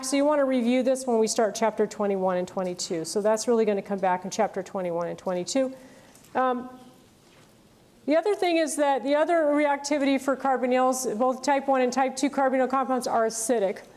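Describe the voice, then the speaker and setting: A woman with a fairly high voice delivers a university lecture. She explains patiently, pausing on fillers and checking that students follow along. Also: darkish tone. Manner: explanatory, checks in with "okay?" and "right?". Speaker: chemistry lecturer.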